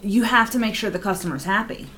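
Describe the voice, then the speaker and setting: A woman's voice: medium pitch, fast, fairly bright tone, slight background noise. A woman in a casual podcast chat, blunt and argumentative as she defends her point.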